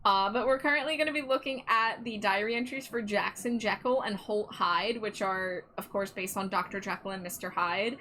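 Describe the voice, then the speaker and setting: A woman hosting a live stream, chatting casually and excitably, swearing freely. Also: mid-range voice, normal speed, few pauses, a little hiss or hum. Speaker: streamer host.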